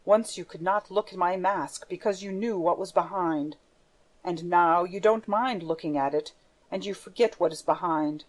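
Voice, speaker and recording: A woman's voice: lowish voice, moderate pace, close to an everyday voice, poor audio. A woman reading the part of a menacing masked male phantom, with a theatrical, darkly playful manner. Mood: brooding.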